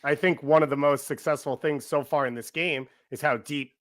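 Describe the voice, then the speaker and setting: A man's voice: on the high side, fairly even intonation, moderate pace, a crowd in the background. A man co-hosting a live soccer watch stream, speaking conversationally and backing up points with examples. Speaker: co-host. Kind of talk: live match commentary chat.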